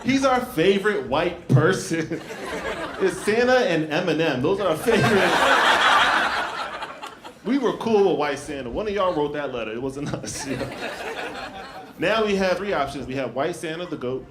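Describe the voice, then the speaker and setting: Animated New man doing stand-up. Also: on the high side, normal speed, pauses often, very noisy. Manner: animated, loud shouted punchlines and put-on voices for others. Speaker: stand-up comedian. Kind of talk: stand-up comedy set. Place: comedy club stage with audience laughter.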